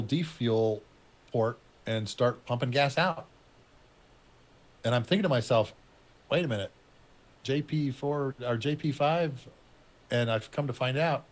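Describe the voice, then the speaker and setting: A middle-aged man telling a war story about his military years in a casual, rambling way, stopping now and then to recall names. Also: mid-range voice. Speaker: retired Air Force officer telling a war story.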